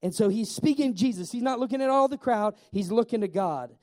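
A man preaching a sermon as pastor, telling Bible stories in an animated way with acted-out voices. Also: high voice, fairly quick.

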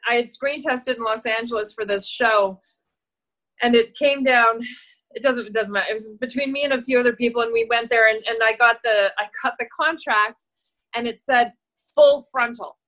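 A middle-aged actress telling stories in a casual interview, animated and laughing, acting out the voices she quotes. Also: a little high, normal speed, low-quality recording. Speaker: actress and guest.

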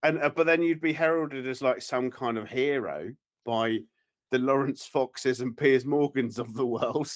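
A man co-hosting a podcast, rambling through teasing questions with lots of restarts, mid-pitched and ordinary in tone. He laughs often between his points. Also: a little slow. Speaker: podcast co-host. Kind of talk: casual podcast chat.

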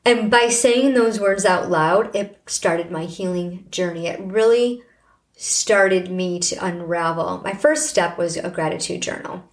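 A woman's voice: on the low side, unhurried. A middle-aged woman hosting a podcast, sharing a personal faith testimony in an earnest, heartfelt, preaching manner. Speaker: podcast host.

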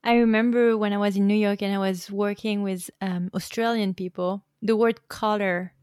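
A French woman in her thirties with a French accent, hosting a casual podcast chat and switching between French and English, chatty and quick to laugh. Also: medium pitch, steady tone, a little mellow, smooth. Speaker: podcast host.

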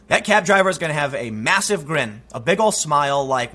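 A man in his thirties hosting his own channel, talking through commentary and telling a story with animated delivery. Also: on the high side, fast talker, hardly any pauses. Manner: animated storytelling, acts out quoted voices. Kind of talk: monologue commentary.

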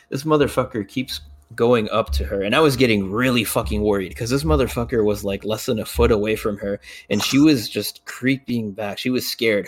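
A man telling friends about a tense night in casual chat, blunt and swearing a lot. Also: fairly low pitch. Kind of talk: casual storytelling among friends.

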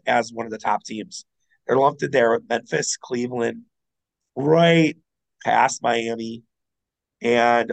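Man, podcast co-host, gravelly voice, mid pitch, excitable casual sports chat. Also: low-quality recording. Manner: excitable, swears, jumps in with rising pitch.

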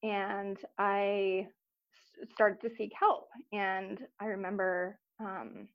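A woman in her thirties speaks as an interview guest, recounting her own story in an earnest, reflective, soft-spoken way with frequent pauses. Her voice sits at an ordinary middle pitch. The recording sounds slightly dull and muffled. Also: little pitch movement. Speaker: podcast guest. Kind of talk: personal story in a casual interview.

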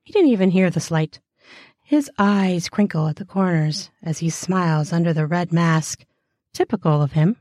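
A woman reading explicit first-person fiction aloud, with a slow, deliberate delivery and crude, mocking asides. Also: fairly low pitch, a little mellow, dry recording, clean studio sound.

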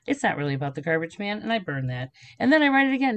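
A woman's voice: medium pitch, quick pace, few pauses. A middle-aged woman, a spiritual medium, telling stories and teaching in a casual interview, acting out little voices as she goes. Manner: animated storyteller, acts out voices.

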